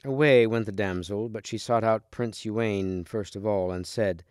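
A man reading a storybook aloud with steady, clear storytelling. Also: on the low side, normal speed, few pauses, dry recording, studio quality. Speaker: storybook reader.

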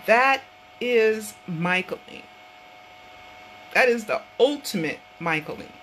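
A woman's voice: mid-range voice, expressive, slow pace, fairly bright tone, a little hiss or hum, poor audio. A woman hosting her own online show, talking casually from her home office in an earnest, rambling way, often repeating herself. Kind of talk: casual vlog talk.

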